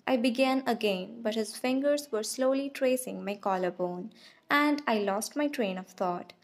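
A woman narrating an audiobook in the first person, reading in a slow, hushed, intimate way. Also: fairly high pitch.

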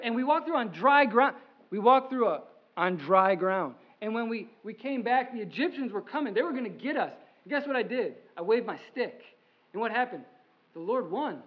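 An older Moses recounts the wilderness years in a high, earnest voice, put on by a pastor mid-sermon. The sound is slightly muffled. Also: male voice. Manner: earnest first-person retelling. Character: Moses, older man telling of hard journeys.

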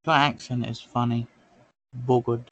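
A man's voice: mid-range voice, normal speed, poor audio. Man, podcast co-host, casual football talk, teasing, short interjections.

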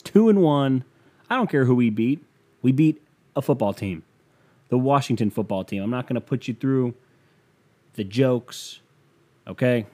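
A man's voice: mid-range voice, warm tone. A young man rambling through a joking, self-mocking casual rant as a vlogger.

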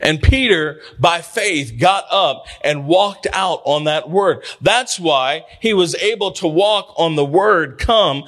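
A man's voice: fairly high pitch, a bit bright. A man preaching a sermon in a church, emphatic and repetitive, drawing out words for stress and often calling out "come on" and "hallelujah". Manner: frequent interjections of "come on" and "hallelujah". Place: church sanctuary.

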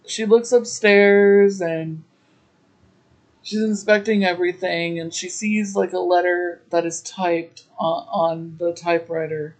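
On poor audio, a female podcast host with a lowish, steady voice recaps an episode. Her talk is chatty and casual, slow and drawn out, with asides she laughs through.

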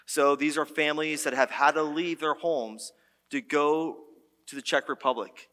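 A man's voice: a little high, moderate pace. A man preaching a sermon as pastor, talking conversationally and telling stories with lots of restarts. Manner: conversational, animated storytelling with many restarts. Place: church sanctuary. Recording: long church-hall reverb.

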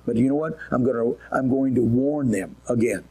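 A man's voice: medium pitch, moderate pace, warm tone, husky, low-quality recording. A man preaching a sermon in a folksy, emphatic way, often asking the listeners questions.

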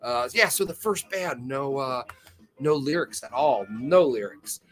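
A man's voice: medium pitch, lively intonation, measured pace. A man hosting a podcast, telling a rambling, profane story in casual chat and laughing often. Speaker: podcast host.

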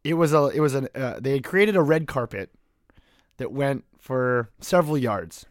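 A man's voice: mid-range voice, lively intonation, moderate pace, dry recording, clean studio sound. A young man co-hosting a podcast, telling jokey, sarcastic stories in casual chat. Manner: joking, sarcastic storytelling. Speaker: podcast co-host.

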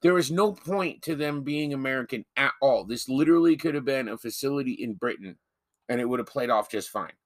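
A man's voice: medium pitch, animated, a little fast, no echo, studio quality. A man co-hosting a podcast, chatting casually about a movie with profane, joking, mock-outraged remarks. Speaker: podcast co-host. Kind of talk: casual movie-review chat.

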